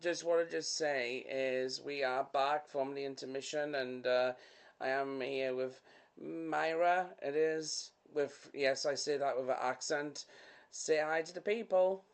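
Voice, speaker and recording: A man hosting a casual podcast, rambling and excitable, joking around with lots of fillers and restarts. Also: medium pitch, a little slow. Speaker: podcast host. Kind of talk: casual chat.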